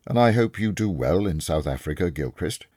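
A man reading a story aloud, voicing a calm, clever male detective who explains things step by step and is kindly but firm. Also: low-pitched, normal speed, no room sound, clean studio sound, voice pushed up. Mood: explaining. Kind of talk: audiobook reading.

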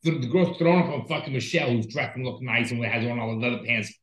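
A man's voice: medium pitch, fast, fairly bright tone. Profane, rambling man in an echoey room. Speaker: podcast co-host. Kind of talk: casual chat.

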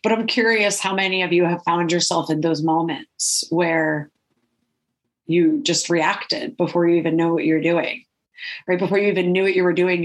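An animated woman hosts her podcast, telling a personal story with frequent laughs and asides of "right?". Her voice sits a little low for a woman. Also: low-quality recording. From California. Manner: animated, laughs often, says "right?" a lot. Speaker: podcast host. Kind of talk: storytelling monologue.

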